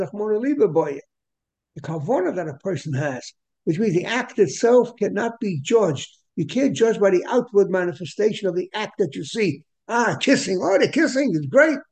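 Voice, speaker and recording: A man's voice: sits high, mellow. Man teaching a Torah class. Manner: repetitive, digressive explaining with Hebrew terms.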